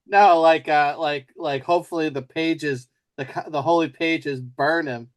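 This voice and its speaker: Higher-voiced man, hesitant tabletop player. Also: steady tone, a little slow. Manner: hesitant, playful. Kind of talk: tabletop game chat.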